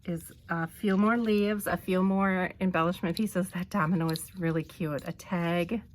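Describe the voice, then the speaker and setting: A woman vlogger narrating an unboxing, gushing with delight and often pausing with ums. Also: on the low side, fairly bright tone, slight background noise. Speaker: crafting vlogger.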